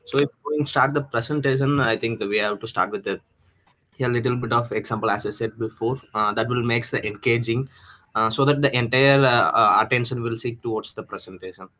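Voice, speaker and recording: A man's voice: medium pitch, brisk, pushed and bright. A man trainee answering in an online class, hesitant with many fillers. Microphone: video call, away from the mic.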